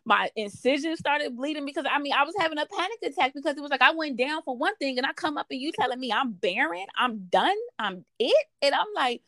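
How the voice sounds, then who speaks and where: A woman's voice: sits high, expressive, a little fast, few pauses, a bit bright, no echo. A woman asking questions in a casual conversation, recounting her own experience with lots of fillers and restarts. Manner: emotional storytelling with frequent fillers.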